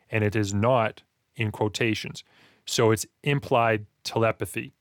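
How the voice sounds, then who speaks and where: A man co-hosting a casual talk about writing, animated and acting out reactions in quick quoted asides. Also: mid-range voice, no echo, clean studio sound. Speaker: podcast co-host discussing writing. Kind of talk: casual chat.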